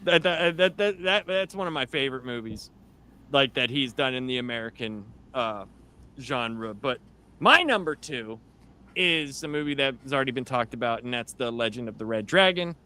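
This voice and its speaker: A man on a podcast panel, excitedly retelling movie scenes in casual chat. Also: mid-range voice, normal speed, clear, resonant tone. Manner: excited, animated storyteller.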